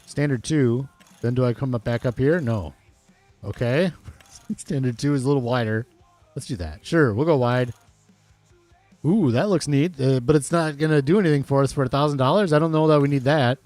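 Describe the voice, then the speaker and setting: A man's voice: medium pitch, moderate pace, darkish tone, no echo, soft background music. Chatty man streaming a farming game. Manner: chatty, reads chat aloud, rambling asides. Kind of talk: casual live-stream commentary.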